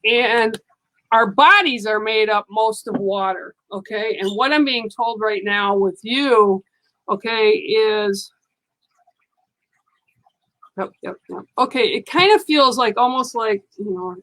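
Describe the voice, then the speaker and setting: A woman's voice: a little high, unhurried, fairly bright tone, poor audio. A woman giving a psychic card reading on a live stream, speaking in a soothing, reassuring way and often checking in with "okay".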